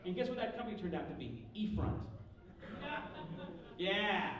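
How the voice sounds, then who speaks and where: A man with a high voice tells a story on stage and animatedly acts out every line of dialogue, swearing as he goes. He sounds far from the mic, in a very echoey convention hall. A big audience murmurs behind him. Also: lively intonation, normal speed, crowd noise. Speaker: panel guest speaker. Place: large convention panel hall with live audience.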